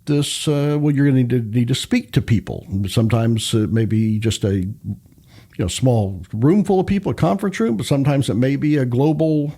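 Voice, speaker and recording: A man's voice: medium pitch, lively intonation, normal speed, mellow. A man hosting a radio interview show, asking long questions that he works out as he goes. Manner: hesitant, many fillers and restarts.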